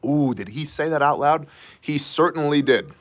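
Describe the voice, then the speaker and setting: A man hosting a casual news commentary show, sarcastic and joking with quick asides. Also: fairly high pitch, lively intonation. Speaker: host of a news brief show.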